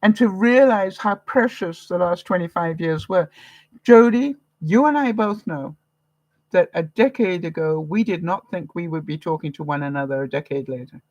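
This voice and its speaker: A woman's voice: lowish voice, moderate pace, darkish tone, no echo, muffled recording. A woman from Canada hosting a live vlog, giving viewers an encouraging, motherly pep talk. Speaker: vlogger host. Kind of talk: live-stream chat with viewers.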